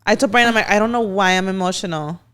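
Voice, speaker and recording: A woman's voice: medium pitch, fast, fairly bright tone, clear, resonant tone. A young woman co-hosting a podcast in a studio, chatting casually and animatedly, swearing freely. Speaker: podcast co-host. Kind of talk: casual chat.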